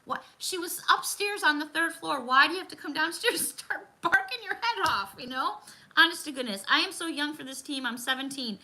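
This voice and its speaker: A middle-aged woman with a very bright, ringing voice chats casually on a livestream, pitched a little high. She greets viewers by name, laughs easily and talks in a friendly, rambling way. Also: animated, fairly quick, hardly any pauses, low-quality recording. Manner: chatty, warm-hearted, laughs often, talks to viewers by name. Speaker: livestream host. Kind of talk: casual chat reading viewer comments.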